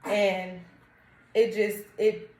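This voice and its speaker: Brief: young woman, mid-pitched, open storyteller, laughs easily, roomy echo. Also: flat delivery, very slow, darkish tone. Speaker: podcast co-host. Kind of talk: casual chat.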